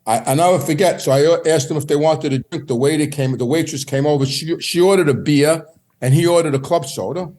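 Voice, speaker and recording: A man's voice: a little high, fairly quick, darkish tone. Rambling New man telling stories. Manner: meandering, repeats words and restarts. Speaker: podcast guest. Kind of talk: casual storytelling.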